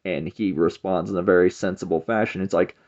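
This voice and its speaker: A man's voice: deep voice, fairly even intonation, brisk, darkish tone. A man giving a casual spoken review of a comic book, loose and rambling, leaning on "it's like" between thoughts. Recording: dull lo-fi recording.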